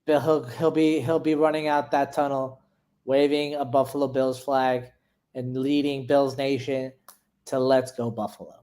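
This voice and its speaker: A man's voice: mid-range voice, flat delivery, a little slow, dark tone, smooth. A man co-hosting a casual sports podcast, laughing easily and walking through playoff scenarios. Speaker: podcast co-host.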